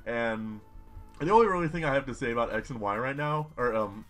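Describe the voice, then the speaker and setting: A young man giving rambling, excitable commentary while playing a video game. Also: mid-range voice, brisk, faint music behind. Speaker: gaming YouTuber. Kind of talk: casual Let's Play commentary.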